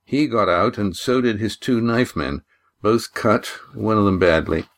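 A man reading an audiobook, voicing a weary, guarded young man who answers in low, clipped sentences. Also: measured pace, a bit bright. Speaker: audiobook reader voicing a character.

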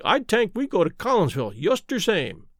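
Brief: man putting on a broad Swedish seaman, heavy dialect, lively swooping voice, dry close sound. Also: high voice, moderate pace, no room sound, full character voice. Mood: worried. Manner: thick dialect, fretful. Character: big cheerful Swedish sailor man.

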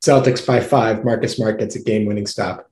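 A man on a podcast panel, relaxed and thoughtful as he analyzes the game. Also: on the low side, fairly quick. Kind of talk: casual sports analysis. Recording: echoey room.

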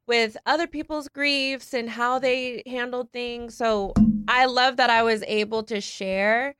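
A woman's voice: on the high side, fairly even intonation, unhurried. A woman and mother on a podcast, speaking earnestly and reflectively in casual chat.

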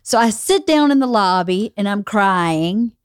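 A woman's voice: mid-range voice, expressive, unhurried, clear, resonant tone, no echo, clean studio sound. A woman guesting on a podcast, telling a story in casual chat in a blunt, teasing way. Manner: blunt, teasing, interrupts to correct. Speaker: podcast guest, host's wife.

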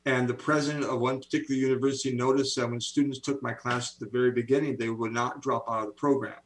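A man in his seventies, an author and speaker, appears as an interview guest on a video call, telling stories with animated enthusiasm. His mid-range voice comes fast, and the recording quality is low.

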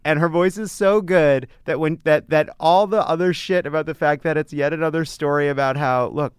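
A man's voice: fairly high pitch, fairly even intonation, normal speed, smooth, no room sound, clean studio sound. A man guesting on a podcast, talking candidly in a casual chat and laughing often.

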